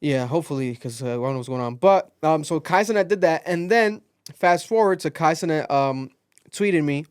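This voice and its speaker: A young man hosting a casual podcast, telling a story with lively acted-out quotes. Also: a little high, a little fast, smooth, no echo, clean studio sound. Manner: animated storytelling, acts out quotes. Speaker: podcast host.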